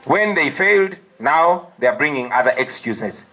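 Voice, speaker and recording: A man with a Ugandan accent giving a firm, emphatic press statement as an opposition party leader, defiant and deliberate. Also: fairly high pitch, expressive, pushed and bright, low-quality recording.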